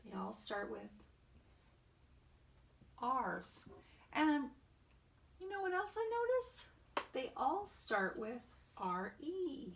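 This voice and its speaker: Woman teacher, slow sing-song delivery, slightly high, gravelly, distant mic with faint hiss. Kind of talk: morning message lesson for young children.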